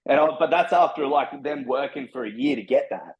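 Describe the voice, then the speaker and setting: Fast-talking, blunt Australian man. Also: on the high side, animated, gravelly, a loud crowd. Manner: blunt, heavy swearing, fast and driven. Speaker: personal trainer guest. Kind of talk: casual podcast storytelling. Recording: slightly dull lo-fi sound.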